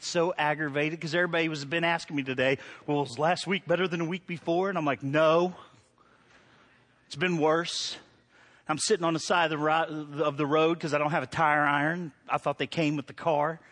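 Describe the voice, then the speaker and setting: High-voiced pastor preaching a sermon. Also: male voice, steady tone, normal speed. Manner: storytelling, swings from quiet to loud preaching.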